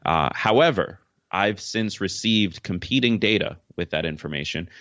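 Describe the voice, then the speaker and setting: Very deep-voiced man on a dull line. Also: normal speed, no echo. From Jamaica. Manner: relaxed, many "uh" fillers, laughs easily. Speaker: podcast host and author, guest. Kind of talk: casual interview answers. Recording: dry, dull lo-fi remote call audio.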